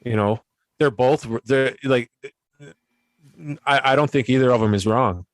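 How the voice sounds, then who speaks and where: A man's voice: mid-range voice, measured pace, no echo. A man in a casual conversation, talking in an easygoing, agreeable way with frequent restarts. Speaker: podcast guest or host.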